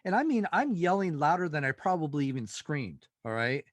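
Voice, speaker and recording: A male paranormal investigator, a guest in an interview, telling a story in an animated way and acting out the dialogue. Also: on the high side, brisk, dry recording.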